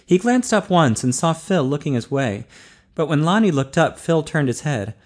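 Man steadily narrating an audiobook. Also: fairly high pitch. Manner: steady, measured reading.

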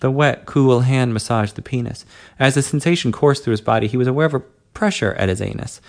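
Man reading a story aloud, steady. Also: mid-range voice, fairly quick, creaky. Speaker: narrator.

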